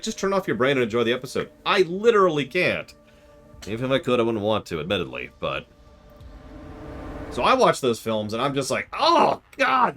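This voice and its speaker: A man's voice: lowish voice, a bit bright. A tired man with a sore throat, rambling through opinionated commentary and reading chat aloud during a live game stream.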